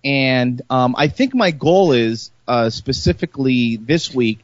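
A man's voice: medium pitch, expressive, unhurried, no room sound, highs cut off. A man hosting a radio show, teasing his co-hosts in casual banter. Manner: provocative teasing, laughing.

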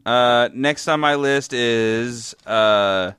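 Dude co-hosting, crisp bright voice, swears casually, drawls when thinking. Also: male voice, medium pitch, no echo, studio quality. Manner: loose and profane, drawn-out when searching for words. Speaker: podcast co-host. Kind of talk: casual chat.

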